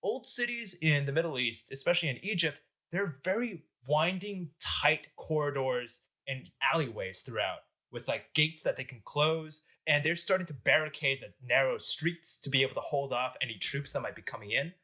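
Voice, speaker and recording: A young man hosting a podcast, telling a history story with animated jokes and lots of filler words. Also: fairly high pitch, normal speed, hardly any pauses. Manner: animated, joking, filler-heavy. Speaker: podcast host. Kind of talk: casual history storytelling among friends.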